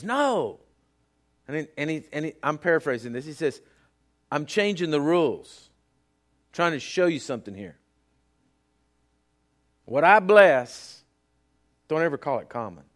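A male pastor delivers an animated sermon. His voice sits high for a man, and he swings from hushed retelling to loud, drawn-out emphasis.

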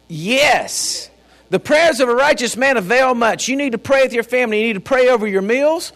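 A man's voice: extremely high pitch, lively intonation, fairly quick, a bit bright. A man preaching a sermon as pastor, fiery and folksy, with joking asides. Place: church.

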